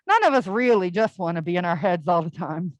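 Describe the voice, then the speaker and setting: A woman's voice: on the low side, expressive, fairly quick, no room sound, poor audio. A young adult woman giving a conversational all-ages sermon at a church service, telling stories casually and often saying "like". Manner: casual, storytelling, with frequent "like" fillers.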